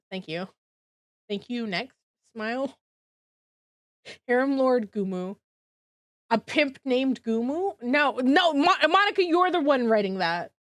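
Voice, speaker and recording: A woman's voice: fairly high pitch, dry recording, studio quality. A congested woman chatting casually with her live-stream audience, bubbly and rambling, laughing often.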